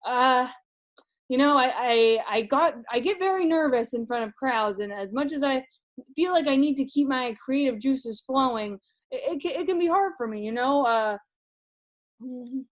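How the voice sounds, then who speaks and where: A woman's voice: sits high, natural voice. A woman doing a jittery, stammering dad reviewer. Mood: nervous. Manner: halting, stammering, full of nervous fillers. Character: nervous rambling middle-aged dad movie reviewer. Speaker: sketch comedy character. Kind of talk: comic sketch monologue.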